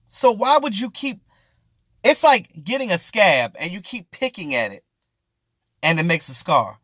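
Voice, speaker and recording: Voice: medium pitch, very animated, unhurried, long pauses, a bit bright, breathy edge, no room sound. A sports vlogger ranting through casual, exasperated commentary, with slang and swearing, hammering points by repeating them.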